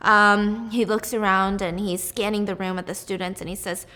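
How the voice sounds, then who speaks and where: A young woman casually retelling a mystery story while baking, chatty and animated, acting out the characters' lines. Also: mid-range voice, normal speed, few pauses, long reverb tail. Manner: animated, chatty, acts out quotes. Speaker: storytelling baker host.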